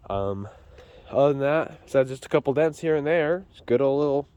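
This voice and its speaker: A man's voice: medium pitch, lively intonation, a little fast, darkish tone, clear, resonant tone, no echo. Chatty man vlogging in his garage. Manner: rambling, self-deprecating, chatty. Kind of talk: casual chat. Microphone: handheld phone camera.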